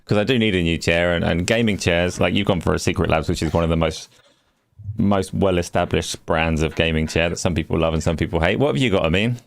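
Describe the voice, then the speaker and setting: A man with a very low, deep voice hosts a live gaming podcast. He talks casually and teases his co-hosts, putting on mock offense at their jokes. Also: fast, vocal fry. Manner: teasing, playfully indignant. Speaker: podcast host.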